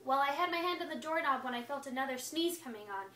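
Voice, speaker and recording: A woman's voice: sits high, animated, fast, sharp tone. A woman telling a fairy tale in the first person as a wolf who insists he is innocent, in a chatty, playful way. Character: friendly, self-justifying male wolf. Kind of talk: first-person storybook read-aloud. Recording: echoey room, far from mic, faint hiss.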